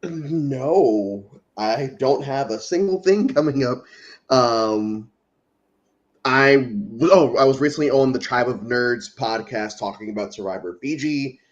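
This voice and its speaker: A man's voice: mid-range voice, slow, muffled recording. A man guesting on a podcast, rambling casually with many fillers. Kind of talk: casual chat.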